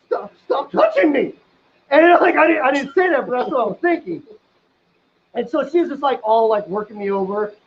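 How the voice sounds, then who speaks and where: High-voiced man rambling through a comic story. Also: fairly quick, a little hiss or hum. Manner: rambling, filler-heavy, crude jokes, swings into loud excited outbursts. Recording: dull lo-fi sound.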